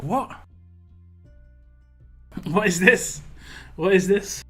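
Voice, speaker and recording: A man's voice: high voice, slow, pauses often, a bit bright, faint music behind. A man with a British accent, chatting casually on a live stream, rambling and often repeating his words. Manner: rambling, repeats words, reads chat aloud.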